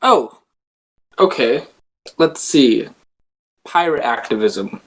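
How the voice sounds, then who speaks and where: A man giving a rambling deadpan comedy monologue, halting and full of restarts. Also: medium pitch. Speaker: comedy video creator.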